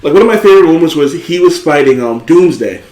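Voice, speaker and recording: A man's voice: fairly high pitch, fast. Profane, rambling man in an echoey room. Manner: rambling, profane, animated storytelling. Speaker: podcast host. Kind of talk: casual chat.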